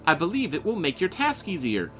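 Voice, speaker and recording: A man's voice: on the high side, wildly swooping pitch, brisk, a bit bright, soft background music, pitched above the performer's own voice. Man doing a chirpy AI helper voice. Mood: earnest. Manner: chirpy, overly friendly, calls the player friend. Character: cheerful male AI assistant program, eager, polite.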